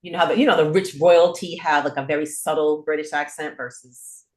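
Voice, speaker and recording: A woman's voice: sits low, steady tone, brisk, roomy sound. A woman co-hosting a casual film discussion, explaining plot points at length and correcting herself as she goes. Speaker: podcast co-host.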